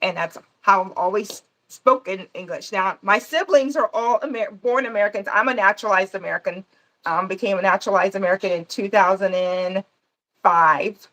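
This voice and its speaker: A woman's voice: medium pitch, moderate pace, a bit bright. A woman from Panama hosting a gardening channel, chatting casually on a livestream and answering viewer comments as she goes.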